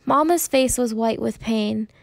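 Woman narrating a storybook, somewhat high. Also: vocal fry, dry recording. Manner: measured, even storytelling. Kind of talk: audiobook narration.

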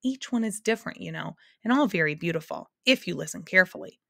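A woman voicing the Soundkeeper, a lonely, chatty woman who keeps all sounds and speaks gently and gushingly. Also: lowish voice, expressive, quick pace, gravelly, dry recording, studio quality, exaggerated voice. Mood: dreamy.

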